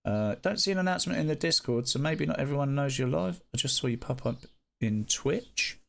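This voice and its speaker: A man chatting casually with viewers on a live stream, playful and animated, breaking into sing-song greetings. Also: mid-range voice, fairly quick, vocal fry.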